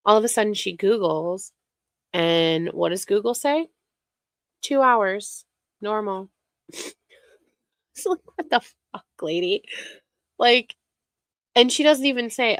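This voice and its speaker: A woman's voice: medium pitch, expressive, takes it slowly, long pauses, a bit bright, no room sound, clean studio sound. A woman giving casual reaction commentary, exasperated and mocking as she rants about online drama. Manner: exasperated, mocking, talks over clips.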